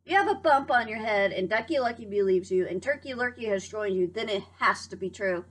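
A woman's voice: medium pitch, brisk, slightly rough, close to an everyday voice. Woman doing a curious, fussy goose. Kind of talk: storybook read-aloud.

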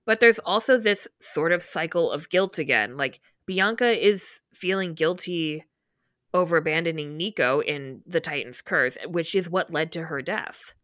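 A woman's voice: low voice, unhurried, a bit bright, no room sound, studio quality. A woman co-hosting a podcast, casually retelling scenes from a book and acting out the characters' lines. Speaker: podcast co-host.

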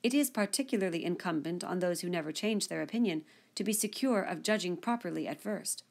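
A spirited, sharp-witted young woman speaks pointedly and articulately. Her voice sits low with some gravel. A woman reads her in an audiobook. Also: expressive, brisk. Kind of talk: audiobook character reading.

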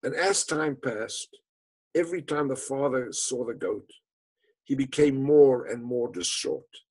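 A man telling a story to an audience as part of a lecture, with dramatic, emphatic delivery and phrases that fall away to a hush. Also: mid-range voice, measured pace, slight background noise, low-quality recording.

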